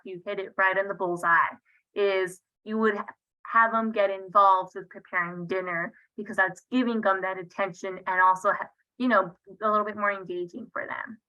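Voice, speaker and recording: A bright, forceful, medium-pitched voice with fairly even intonation and a normal pace carries this woman's online parenting workshop, picked up roughly by her computer mic on a video call. She talks conversationally and keeps asking listeners "right?"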